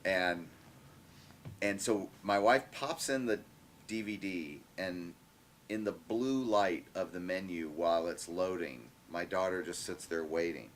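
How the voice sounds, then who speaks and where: A man in his forties telling animated anecdotes in casual chat, restarting his sentences often. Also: low voice, measured pace. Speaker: guest filmmaker. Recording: faint background noise, live stream.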